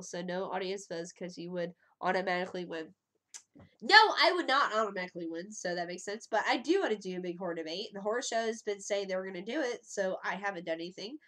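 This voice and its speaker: A woman's voice: medium pitch, expressive, quick pace, fairly bright tone. A woman in her thirties hosting a casual live stream, rambling, swearing freely and giggling as she talks into a webcam mic. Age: 30s. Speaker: livestream host.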